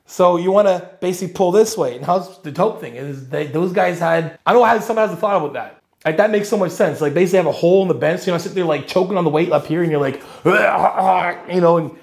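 A man's voice: sits high, fast talker, gravelly. A man coaching fitness in casual commentary, talking energetically with slang and thinking aloud.

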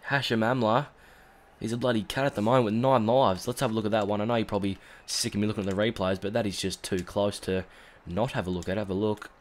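An Australian man with a congested, stuffy voice from a cold, giving chatty let's-play commentary with lots of fillers and sudden excited outbursts. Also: on the low side, fast talker. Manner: chatty, rambling with fillers, bursts into excited shouts at big moments. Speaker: gaming YouTuber.

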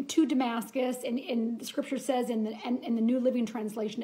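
A woman's voice: a little high, mellow. A woman teaching a casual Bible study lesson, talking in an earnest, chatty way and reading scripture aloud.

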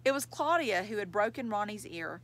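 Woman reader, children's novel, lively pitch, expressive. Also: moderate pace, poor audio. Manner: expressive storytelling. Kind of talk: reading a children's novel aloud.

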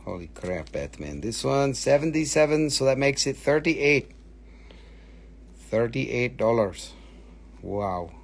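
A man hosting a live sales stream, talking with excited, animated patter as he shows and prices each item. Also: medium pitch, takes it slowly, pauses often.

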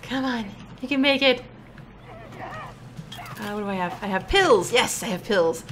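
A giggly, excitable young woman plays a survival game with friends, her voice bright and lively as it swings up and down. She chats loosely and laughs often. A faint hiss sits under her voice. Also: a little high, a little slow. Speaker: let's-play gamer. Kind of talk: casual gameplay chat.

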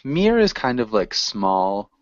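A man's voice: on the low side, big pitch swings, slow pace, dry recording. A man teaching a reading class, explaining a story in a casual, hesitant way with many fillers. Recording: dull lo-fi recording.

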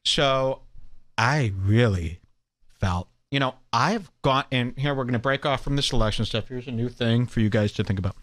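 A man's voice: medium pitch, normal speed, fairly bright tone, no echo. A man hosting a comedy podcast, ranting in a crude, mocking and sarcastic way. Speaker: podcast host.

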